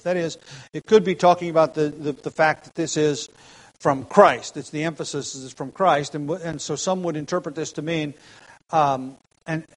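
A pastor preaching an expository sermon, explaining the text slowly and repeating key phrases for emphasis. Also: male voice, a little high, low-quality recording.

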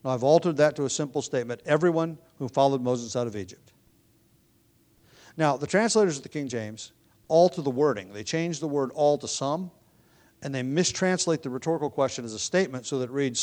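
A man giving an expository sermon, teaching in a measured, explanatory way with occasional restarts. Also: a little high, animated, a little mellow. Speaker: preacher.

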